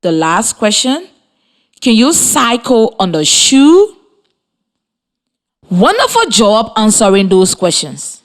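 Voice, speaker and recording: Slow, lively woman radio teacher. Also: a little high. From Liberia. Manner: slow, clear, encouraging teacher talk with questions to pupils. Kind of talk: scripted radio lesson for children.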